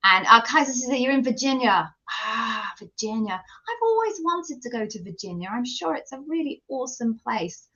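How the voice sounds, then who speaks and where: British woman on a live stream, bright forceful voice, kinda dull lo-fi sound, chatty and self-deprecating. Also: on the high side. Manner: chatty, greets viewers by name, self-deprecating. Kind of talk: casual live-stream chat and self-introduction.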